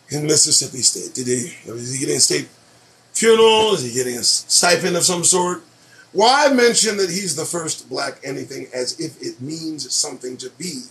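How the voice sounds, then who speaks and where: Male solo host, high and expressive voice, profane and sarcastic running commentary on news items. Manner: profane, sarcastic and animated, reacting to headlines. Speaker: show host.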